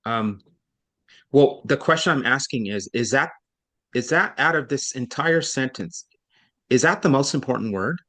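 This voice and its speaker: A man's voice: mid-range voice, expressive, unhurried, bright, forceful tone. A male reading tutor speaks in a mid-range voice over a computer microphone during a one-on-one online lesson. He explains patiently and step by step, thinking aloud and correcting himself as he goes.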